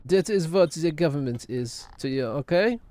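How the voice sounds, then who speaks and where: A man puts on a cynical, grumbling character who sneers at everyone around him. The voice sits a touch higher than a typical man's, and he speaks in blunt, scornful jabs. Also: animated, moderate pace, dark tone, natural voice.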